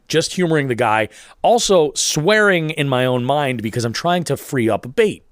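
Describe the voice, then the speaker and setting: A man's voice: mid-range voice, big pitch swings, normal speed, no room sound, clean studio sound. A man co-hosting a fishing podcast, telling a story in a rambling way and often stopping to correct himself. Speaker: podcast co-host. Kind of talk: casual podcast chat.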